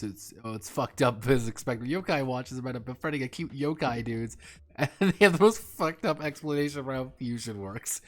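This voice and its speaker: A man chatting casually on a live stream, excitable and profane, swearing and laughing often as he rambles. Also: medium pitch.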